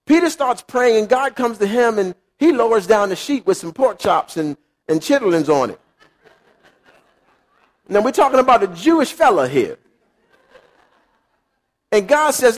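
A man preaching a sermon in an animated, conversational way, acting out quotes. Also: high voice, normal speed, pauses often. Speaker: pastor.

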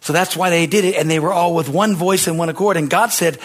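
Man, pastor, sermon, husky, high-pitched, fervent, shouted bursts. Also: fast talker, hardly any pauses. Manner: asks the congregation for amens.

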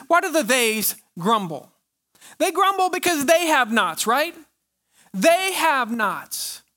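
An extremely high-pitched male pastor preaches with a bright, forceful tone, using rhetorical questions and lengthy pauses to hammer his points home.

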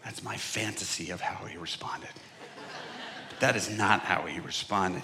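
A man preaching a sermon from a stage, telling a story and acting out what people said, often getting much louder. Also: deep voice, unhurried, creaky, slight background noise. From United States. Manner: animated, acts out quotes with big swings in loudness. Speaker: evangelist preacher. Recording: long hall reverb.

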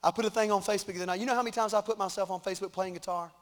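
Joking pastor, fairly high voice. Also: male voice, fairly even intonation, racing. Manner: conversational and joking. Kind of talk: sermon with announcements and prayer. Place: church stage.

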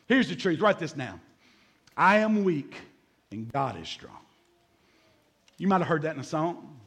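A male pastor delivering a sermon in an animated, dramatic way, acting out asides. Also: a little high, a little slow, pauses often.

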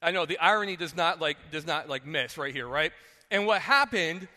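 Pastor, 30s, from New Jersey; high, bright voice, animated sermon storyteller, recorded in a reverberant hall. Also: male voice, normal speed. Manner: animated storytelling, jokey asides, acts out quotes. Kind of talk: sermon with personal stories.

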